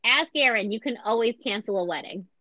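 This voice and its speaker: A woman's voice: a little high, expressive, a little fast, pushed and bright, dry recording, muffled recording. A woman co-hosting a podcast, chatting casually and jokily while retelling a story and acting out the quotes. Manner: chatty, jokey, acts out quotes. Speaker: podcast co-host. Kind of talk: casual chat, retelling a true crime story.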